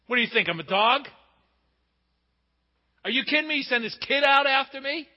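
Guy putting on a sneering giant warrior, high mocking voice, big hall echo. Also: animated, moderate pace. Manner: mocking, incredulous. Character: taunting giant male warrior, scornful. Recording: muffled with long hall reverb.

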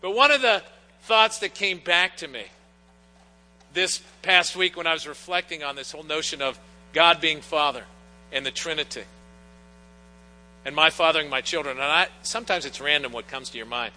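Middle-aged pastor man telling stories in his sermon, bright voice, long echo in the church, bit of hum. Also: a little high, normal speed, pauses often. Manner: earnest, storytelling with personal anecdotes. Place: church sanctuary. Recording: long church reverb, faint mains hum.

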